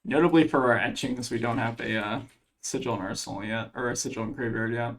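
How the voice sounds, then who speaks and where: A man's voice: medium pitch, fairly even intonation, a little fast, gravelly, a bit bright. A man commentating his own card game match, thinking aloud as he weighs each play, with plenty of fillers. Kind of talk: casual gameplay commentary.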